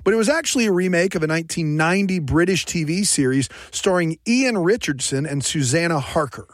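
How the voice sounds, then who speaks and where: A man's voice: fairly high pitch, expressive, fairly quick, no echo. A man hosting a trivia game, reading questions and adding chatty, upbeat asides. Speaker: quiz host.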